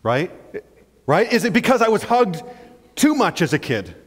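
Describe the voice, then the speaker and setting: A male pastor preaching a sermon in an animated way, acting out little scenes and often checking in with "right?". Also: sits high, normal speed. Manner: animated, acts out scenes, keeps asking "right?". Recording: long church-hall reverb.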